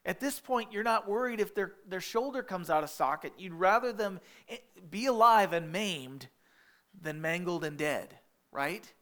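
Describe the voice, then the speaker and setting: A man's voice: high voice, animated, measured pace, fairly bright tone. A man preaching a sermon in a conversational way, acting out quotes and often restarting his words, with asides about parenting toddlers. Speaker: pastor.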